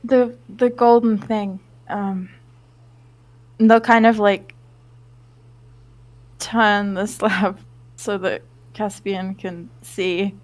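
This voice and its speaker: A woman playing a tabletop game, speaking in an anxious, halting way. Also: medium pitch, little pitch movement. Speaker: player.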